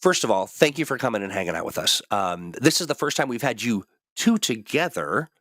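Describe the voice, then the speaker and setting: A man's voice: medium pitch, big pitch swings, fairly quick, a bit bright, dry recording. A man hosting a casual livestream chat, rambling with many fillers and restarts while getting over a cold. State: recovering from a cold. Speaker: host.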